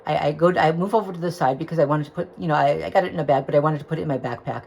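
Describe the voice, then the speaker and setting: A woman's voice: deep voice, very fast, gravelly, darkish tone, a little hiss or hum, low-quality recording. A woman telling a personal story into her phone, agitated and rambling, with restarts and swearing. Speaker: vlogger.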